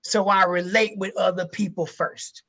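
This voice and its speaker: A man's voice: sits high, level tone, normal speed, sharp tone. A man giving a casual sales training talk to a group, emphatic and repeating key phrases, with casual swearing.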